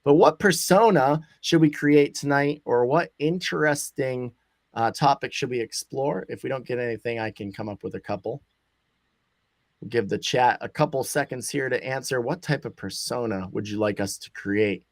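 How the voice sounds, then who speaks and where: A man's voice: mid-range voice, normal speed, gravelly, no room sound, clean studio sound. A man hosting a casual livestream chat, talking loosely with many fillers and restarts. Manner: loose, rambling, frequent fillers. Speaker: host.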